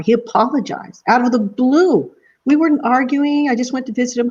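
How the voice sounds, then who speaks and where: A woman's voice: high voice, fairly quick, darkish tone. A woman guest telling an emotional story in casual interview chat, laughing often. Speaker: guest musician. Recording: muffled lo-fi audio.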